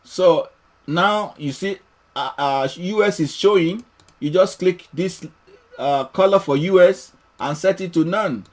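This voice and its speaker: A man's voice: sits high, measured pace. A man hosting a live trading lesson, chatty and playful, laughing often as he reads out viewer comments. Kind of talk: casual live-stream teaching.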